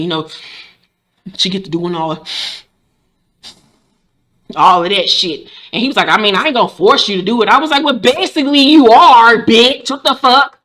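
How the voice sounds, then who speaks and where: A woman recapping a TV episode in casual, profane, sassy commentary, acting out the characters' lines in quick voices. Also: medium pitch, fairly bright tone. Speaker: show recap host.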